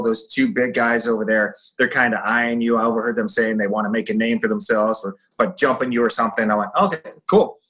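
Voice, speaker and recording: With a bright, mid-range voice, a man who used to fight professionally shares fight stories as a guest. He's an animated storyteller who performs the quoted voices himself.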